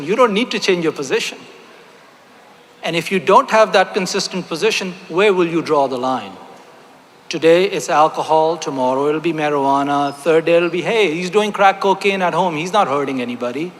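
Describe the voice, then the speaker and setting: Male convention speaker, emphatic and repetitive, slightly high voice, long hall reverb. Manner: emphatic, repeats phrases, asks the audience rhetorical questions. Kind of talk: impassioned stage speech. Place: large hall on stage.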